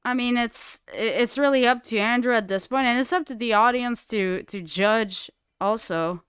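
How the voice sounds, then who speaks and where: A woman hosting a livestream in casual chat, blunt and quick to swear. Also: on the high side, fairly bright tone, clear, resonant tone, no echo, studio quality. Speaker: livestream host.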